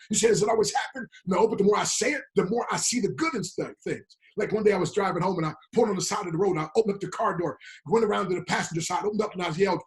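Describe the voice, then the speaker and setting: A man's voice: high-pitched, very fast, few pauses. A man giving a fiery motivational talk in a preaching style, quoting scripture and repeating lines with emphasis. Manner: emphatic, repetitive, quotes scripture, frequent "my friend". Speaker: motivational speaker.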